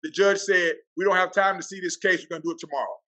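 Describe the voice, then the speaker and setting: A man voicing a weary middle-aged male quarterback coach, speaking low and resigned. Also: steady tone, quick pace, pushed and bright, low-quality recording.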